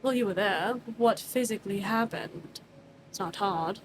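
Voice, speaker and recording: A woman's voice: medium pitch, unhurried, background noise, pitched below the performer's own voice, close to an everyday voice. A woman voicing a stern man who presses hard with cold, probing questions. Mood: cold, pressing.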